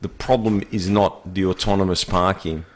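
A man's voice: deep voice, fairly even intonation, normal speed. A man co-hosting a casual talk show, teasing and laughing often. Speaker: co-host. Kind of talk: casual chat.

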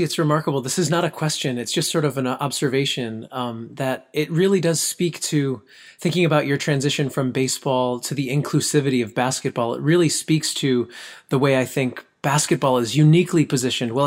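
A man hosting an interview, thinking out loud and reflecting on what his guest has said. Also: medium pitch, a little fast. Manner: reflective, gives brief affirmations and laughs. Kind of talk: conversational interview.

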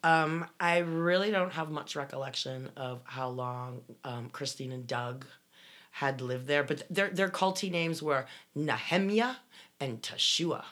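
This guest has a low, slightly bright voice and a measured pace. She casually recounts her time living in a commune, wandering through the story with many restarts and laughing as she goes.

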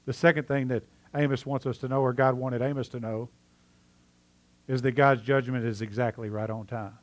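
Preacher telling a story. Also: male voice, mid-range voice, normal speed. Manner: storytelling, swings from loud animated telling to quiet earnest asides. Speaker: pastor. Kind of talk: sermon.

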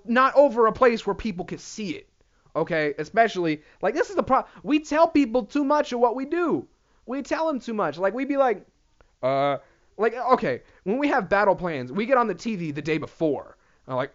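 Over dull lo-fi audio, a man with a high voice hosts his own comedy podcast at a fairly quick clip. He rambles animatedly and curses without restraint.

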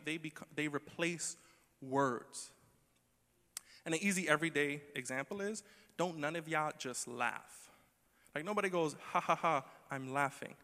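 A man preaching a sermon in a conversational, humorous way, moving between quiet asides and emphatic lines. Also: a little high. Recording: long hall reverb.

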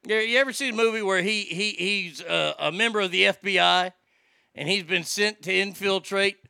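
A male stand-up comedian with a gravelly, forceful voice that sits a bit high for a man. His delivery is profane and rambling, and the sound is dry and close. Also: moderate pace, no echo.

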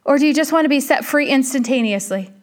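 A woman delivers a heartfelt sermon in a high, light voice. She speaks earnestly and directly, circling back to repeat her key phrases. She addresses the listener as a friend. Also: fast. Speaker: preacher.

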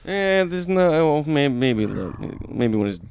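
A man's voice: medium pitch, sing-song, normal speed, darkish tone, clear, resonant tone. A man co-hosting a comedy podcast, chatting casually and crudely, joking around. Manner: crude, joking, does mock voices. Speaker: podcast co-host.

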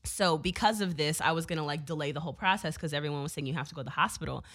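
Low-voiced young woman, casual swearing storyteller. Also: very fast. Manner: animated, swears freely, many fillers.

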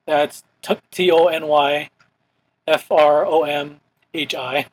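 A man's voice: fairly high pitch, fairly even intonation, slow, breathy edge, poor audio. Rambling young man hosting a podcast. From Hawaii. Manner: rambling, heavy use of "like" as filler. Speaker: podcast host. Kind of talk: casual chat.

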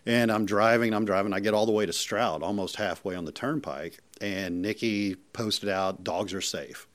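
A man's voice: fairly low pitch, moderate pace. A middle-aged man, a volunteer telling a personal story in an earnest, emotional way and often repeating himself. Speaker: rescue volunteer.

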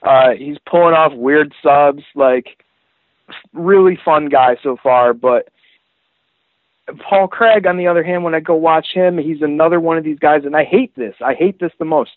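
A man hosting a casual chat about fights, animated and profane, rambling through asides. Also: on the high side, normal speed, no echo. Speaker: podcast host. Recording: tinny phone-like dry sound.

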